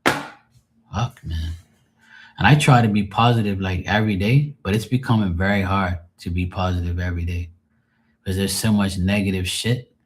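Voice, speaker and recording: A man's voice: low-pitched, fairly even intonation, normal speed, a little hiss or hum. A man on a live stream venting in a rambling, emotional monologue, swearing often and sounding drained and sad.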